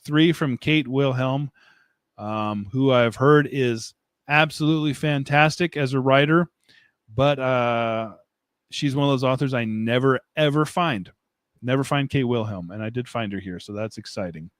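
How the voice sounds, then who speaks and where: Man, live-stream host, mid pitch, dry close mic, loose self-mocking chatter with frequent laughs. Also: measured pace, dry recording. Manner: rambling and self-mocking, laughs often, answers chat comments. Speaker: livestream host. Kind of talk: casual live-stream chat. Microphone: desk mic, streaming setup.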